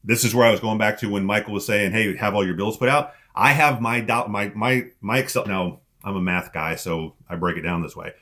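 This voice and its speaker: A man's voice: fairly low pitch, a little fast, few pauses, bright, forceful tone. A man giving a motivational coaching talk on an online team call, emphatic and repeating his key lines for effect.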